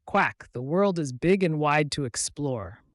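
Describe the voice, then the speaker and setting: A man's voice: on the high side, a little slow, clean tone, no echo, studio quality, voice pushed up. A man doing a playful little duckling. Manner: playful, excited. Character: small yellow duckling, playful and curious.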